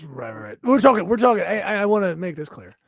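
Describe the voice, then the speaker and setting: A man's voice: sits high, expressive, fast talker, gravelly, fairly bright tone, no room sound, clean studio sound. A man hosting a comedy podcast, teasing his guests with playful, crude banter and frequent laughs.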